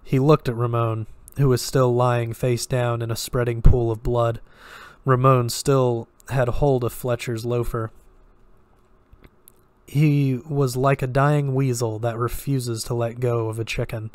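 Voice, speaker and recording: Guy reading a horror story, flat steady voice, dry close sound, trips on a word now and then. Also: mid-range voice, clean tone, dry recording. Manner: measured and steady, with occasional slips. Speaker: story reader.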